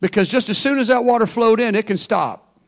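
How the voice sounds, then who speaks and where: High-voiced preacher. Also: male voice, a little fast. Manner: emphatic, call-and-response. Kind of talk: sermon.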